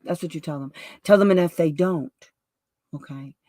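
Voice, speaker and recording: A woman's voice: low-pitched, normal speed, dark tone, dry recording. Chatty, rambling woman advocate, dry sound. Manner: chatty and rambling, with asides, restarts and laughs. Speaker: special education advocate and show host. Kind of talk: casual storytelling livestream talk.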